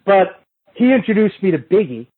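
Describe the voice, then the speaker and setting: Heard over a tinny, phone-like remote connection, this middle-aged man speaks at a normal speed in a high, sing-song, slightly rough voice. As a podcast guest he spins long, rambling stories in casual chat, restarting sentences and slipping into quoted street talk as he acts out lines.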